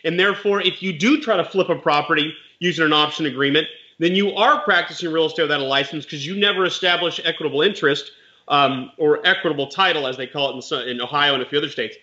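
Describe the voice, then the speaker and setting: High bright-voiced guy, animated, chatty storytelling about deals, dull lo-fi sound. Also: fast. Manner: animated, explains legal points plainly. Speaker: real estate investor and mentor. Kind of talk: casual storytelling chat.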